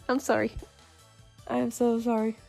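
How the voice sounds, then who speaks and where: A woman's voice: on the high side, fairly even intonation, slow pace, gravelly, a little mellow, no room sound, soft background music. A woman giving casual, giggly, chatty commentary while playing a video game. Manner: giggly, chatty, self-deprecating. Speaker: let's-play host.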